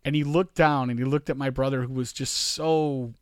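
A man's voice: medium pitch, steady tone, moderate pace, dry recording. A man in his forties co-hosting a casual podcast, defending his habits with dry jokes and telling family stories. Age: 40s. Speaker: podcast co-host. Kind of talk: casual banter.

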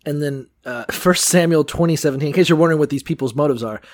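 A man's voice: fairly high pitch, quick pace. A man casually reading and mocking Bible passages with profane jokes as a podcast co-host. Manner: profane, mocking, reads scripture aloud with jokey asides. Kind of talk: irreverent casual retelling of Bible stories.

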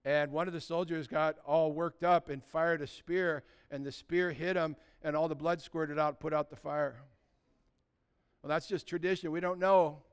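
A man preaches to his congregation with a voice that sits high for a man and rings smooth and clear. He tells stories with real emphasis and drives his points home through repetition. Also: steady tone, normal speed. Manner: storytelling, emphatic with repeated phrases. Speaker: pastor. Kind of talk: sermon.

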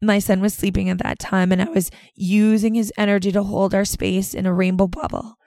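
A woman's voice: medium pitch, level tone, a little fast, mellow, no room sound. A middle-aged woman hosting a podcast, telling a personal story in an earnest, rambling way with many fillers. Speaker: podcast host.

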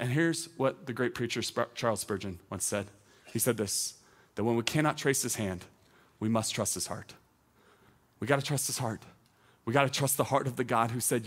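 A man's voice: mid-range voice, a bit bright. A man, a teaching pastor, preaching a conversational sermon outdoors, often repeating words and building to urgent, raised appeals. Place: outdoor service.

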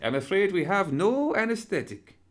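A man's voice: sits high, very animated, moderate pace, voice pushed up. A genteel, pompous professor of undeath, as a male reader puts him on, courtly and eager to cut. His lifted voice swings up and down with grand theatrical relish. It is a storybook figure voiced with showy delight. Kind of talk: audiobook character reading.

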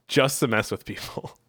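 A man's voice: a bit bright, no echo, clean studio sound. A man from Virginia, guest-hosting a podcast, chatting casually and joking with frequent laughs. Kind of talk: casual chat.

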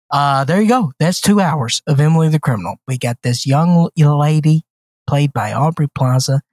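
A man's voice: a little high, normal speed, dry recording. A man co-hosting a movie podcast, joking and retelling a film's plot in casual chat. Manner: animated, joking, retells plots with acted-out quotes. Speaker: podcast co-host.

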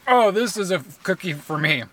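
A woman hosting a podcast, talking in a loose, chatty way and laughing easily. Her voice is bright and clear of tone, with faint noise behind it. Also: lowish voice, expressive, brisk. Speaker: podcast host. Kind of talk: casual chat.

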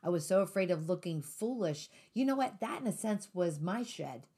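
Speaking expressively at a moderate pace, this Christian talk show host reflects humorously on her life before shifting into scripture teaching. She has a lowish, mellow voice with a slightly rough edge, in a faith-based podcast conversation.

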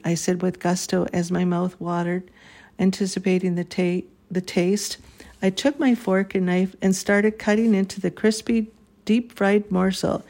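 Woman, middle-aged, reading her own story, very slow, homey, hesitant fillers. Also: medium pitch, steady tone, dark tone. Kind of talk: storytelling read-aloud and casual reflection.

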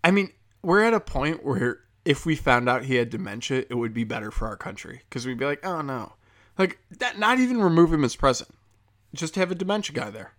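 A man's voice: medium pitch, big pitch swings, a little fast. A young man doing a profane, heated ranting monologue as a comedian podcast host, slipping into mocking quoted voices.

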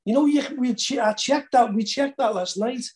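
A man's voice: extremely high pitch, normal speed, a little mellow. A man hosting a podcast interview, hesitant and often restarting his sentences. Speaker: podcast host. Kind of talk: casual chat.

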